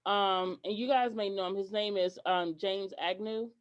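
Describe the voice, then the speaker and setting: A woman guesting on a podcast tells stories animatedly, acting out other people's dialogue, at a normal pace with an ordinary mid-range pitch and fairly even intonation. She sometimes stops and restarts sentences, and the recording sounds dull and lo-fi.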